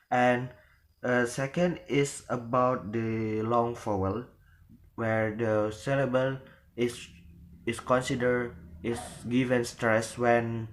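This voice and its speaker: Man presenting a language lesson, unhurried and halting, often restarting mid-phrase. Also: medium pitch. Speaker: presenter explaining word stress. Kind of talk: spoken lesson.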